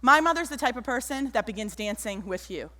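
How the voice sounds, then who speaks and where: A woman giving an animated keynote talk on stage, telling stories and acting out the people in them. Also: a little high, a little fast. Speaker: keynote speaker. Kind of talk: motivational stage talk with storytelling. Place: large auditorium stage. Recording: echoey auditorium.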